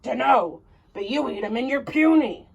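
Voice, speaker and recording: A woman voicing a huge, grumpy giant husband who complains in a slow, booming voice in a storybook reading. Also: animated, gravelly, husky, full character voice. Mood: grumbling.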